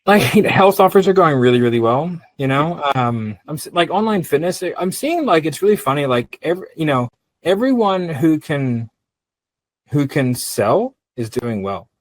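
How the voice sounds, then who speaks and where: A middle-aged man, a business owner, chatting casually on a podcast in a blunt, profane, animated storytelling way. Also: fairly high pitch, moderate pace, no echo, low-quality recording.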